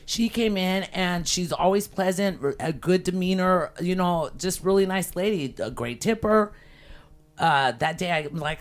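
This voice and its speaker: A woman's voice: sits low, normal speed. A woman in her fifties, a podcast co-host, telling stories in casual chat and swearing freely. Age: 50s. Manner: animated storyteller, swears freely.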